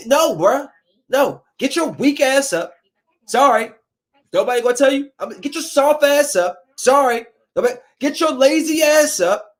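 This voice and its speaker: A man hosting a podcast, ranting in a heated, preachy way and scolding his listeners. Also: extremely high pitch. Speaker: podcast host. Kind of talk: opinionated casual podcast rant.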